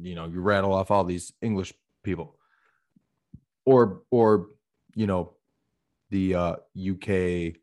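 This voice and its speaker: A man co-hosts a podcast in casual chat, rambling with many fillers and acting out the voices of people he quotes. His voice sits low and sounds a little mellow.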